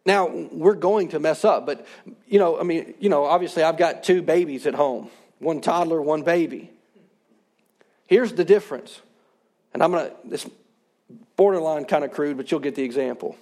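A man's voice: fairly high pitch, moderate pace, darkish tone. A man in his thirties, a pastor, preaching a sermon in an earnest, conversational way.

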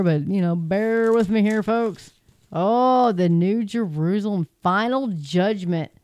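A woman's voice: on the low side, darkish tone, no echo. A middle-aged woman with a handheld mic, chatting in a folksy, casual way to listeners and reading scripture aloud. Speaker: online Bible teacher. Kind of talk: casual livestream Bible talk and scripture reading.

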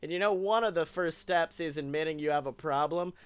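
A man hosting a casual comedy podcast, joking and swearing freely and breaking into loud laughs. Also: on the high side, a little fast, clear, resonant tone. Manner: joking, profane, bursts into loud laughs and voices. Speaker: podcast host.

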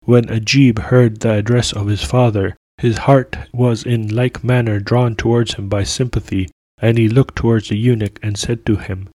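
A man with a fairly low voice reads an old tale aloud at a steady, measured pace. The recording is close and completely dry, with no room sound. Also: no room sound. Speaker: podcast narrator. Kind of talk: reading a classic tale aloud.

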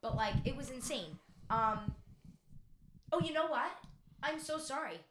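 A woman's voice: high-pitched, expressive, unhurried, roomy sound, background noise. A woman co-hosting a casual chat podcast, talking in a bubbly, rambling way, often laughing and apologizing. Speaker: podcast co-host.

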